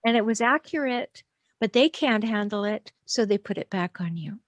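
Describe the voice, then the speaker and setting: A woman's voice: mid-range voice, lively intonation, moderate pace, no room sound. A woman relationship expert being interviewed, explaining animatedly and acting out quoted voices.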